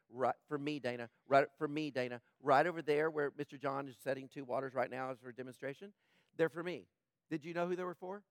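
A man with a high, slightly rough voice preaches to his congregation. He stays conversational, drifting into joking asides. The sound is dry and close, with no room around it. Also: dry recording. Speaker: pastor. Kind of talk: sermon.

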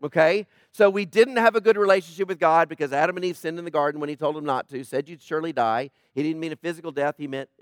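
A man's voice: a little high, fast talker, few pauses, dry recording, studio quality. A male pastor preaching a sermon, emphatic and full of rhetorical questions to the congregation.

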